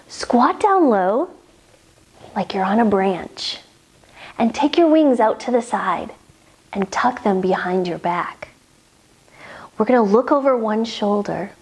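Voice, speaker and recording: A woman leading a children's yoga storytime, guiding gently and playfully. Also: fairly high pitch. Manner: gentle, playful, slow sing-song guiding. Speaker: kids' yoga story teacher.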